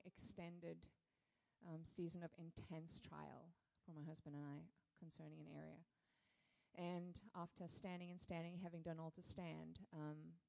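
A woman sharing a candid personal testimony in church, animated and full of fillers. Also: fairly low pitch, gravelly, low-quality recording. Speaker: guest speaker sharing testimony.

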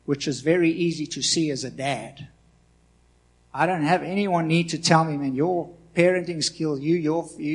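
A man in his forties preaching a sermon with passion, swinging between loud emphasis and quiet asides. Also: on the high side, vocal fry, husky. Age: 40s. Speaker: pastor.

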